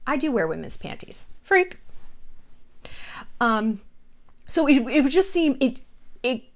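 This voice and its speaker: A woman vlogger talking casually to her viewers in an animated, gossipy way, blunt and a little profane, with lots of "like.". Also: sits high, measured pace. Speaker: vlogger host. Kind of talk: casual chatty commentary. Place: small city apartment.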